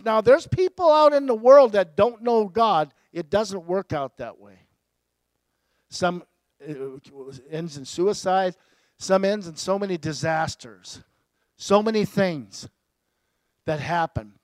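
High-voiced preaching man, dry close sound. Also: animated, takes it slowly, pauses often, a little mellow, dry recording, poor audio. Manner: preacherly, rising to emphatic peaks and dropping low, laughing at himself. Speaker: pastor. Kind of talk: sermon.

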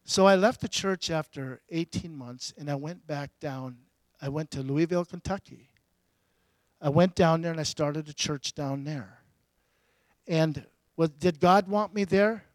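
A higher-voiced man, middle-aged or older, tells his life story from the pulpit. He swings from loud bursts to near whispers. The sound is dry and close. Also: a little slow, no echo. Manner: animated, swinging from loud to hushed. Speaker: pastor. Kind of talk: storytelling sermon.

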